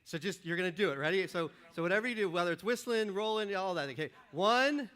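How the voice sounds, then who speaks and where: Speaking fast and smoothly through a stage mic, a high-voiced, bright-toned pastor jokes his way through an upbeat sermon in front of the congregation. He brings volunteers up, counts them in, then gets into his message, keeping the audience involved throughout.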